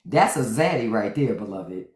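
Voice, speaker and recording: A woman's voice: very deep voice, lively intonation, normal speed, a little mellow. A woman hosting a livestream with sassy, playful comedic commentary that repeats lines for effect. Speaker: livestream host. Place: indoors, phone livestream. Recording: roomy echo.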